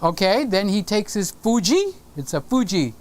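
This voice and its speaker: Man, live-stream host, lively swooping pitch, teasing, chatty, home studio. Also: normal speed. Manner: playful, teasing, greeting viewers by name. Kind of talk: casual live-stream chat.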